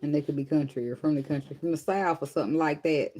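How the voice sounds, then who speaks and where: A woman reads tarot in a relaxed, profane, joking way. Her voice sits slightly low for a woman. She drifts from reading the cards into quiet singing and teasing asides. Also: fast, a little hiss or hum. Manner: profane, joking, sings along softly between readings. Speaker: tarot reader.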